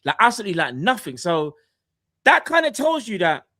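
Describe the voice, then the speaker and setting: Speaking a little fast, this young football podcast co-host has a high, pushed, bright voice with huge pitch swings. His talk is casual and rambling, stuffed with "like" fillers.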